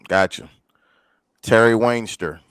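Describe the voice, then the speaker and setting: A man co-hosting a casual podcast chat, playful and quick to laugh, stretching out his teasing lines. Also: fairly low pitch, fairly bright tone, clear, resonant tone, no echo, low-quality recording. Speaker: podcast co-host. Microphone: remote recording.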